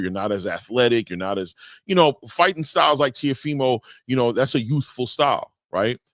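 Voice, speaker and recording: A man hosts a loose boxing chat, repeating himself and shouting out listeners as they join. His voice sits on the low side. The sound is dry and close. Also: dry recording. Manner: loose, repetitive, hypes guests with shout-outs. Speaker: podcast host. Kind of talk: casual boxing talk.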